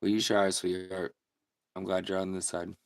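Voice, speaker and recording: A man's voice: low voice, flat delivery, normal speed, slight background noise. A man hosting a casual livestream, chatting laid-back with viewers and laughing often. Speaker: livestream host. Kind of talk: casual livestream chat reading comments.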